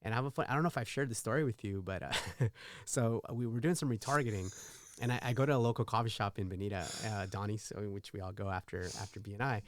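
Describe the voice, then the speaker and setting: A man's voice: fairly low pitch, fast talker. A man telling stories in a casual podcast conversation, rambling with many uhs.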